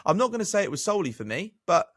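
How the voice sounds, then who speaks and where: A man's voice: high-pitched, big pitch swings, racing, fairly bright tone, no room sound, clean studio sound. A man co-hosting a casual business podcast, joking and swearing with self-mocking banter. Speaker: podcast co-host.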